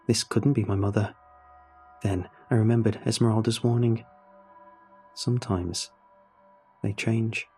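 A man narrating a horror story in a measured, suspenseful way. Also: on the low side, fairly even intonation, darkish tone, soft background music.

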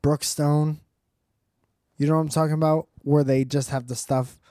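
A man's voice: on the high side, flat delivery, normal speed, mellow, no room sound, clean studio sound. A man doing a rambling, profane comedic monologue with joking asides.

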